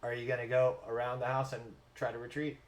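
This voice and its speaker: A man's voice: mid-range voice, quick pace. Laughing game master man. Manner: laughs often, teasing and animated. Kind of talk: running a tabletop game.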